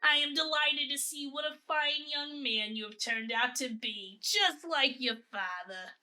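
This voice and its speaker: A woman's voice: sits high, measured pace, sharp tone, heavily acted. A woman putting on a doting old grandma voice. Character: creaky old grandma spirit, sweet and eerie.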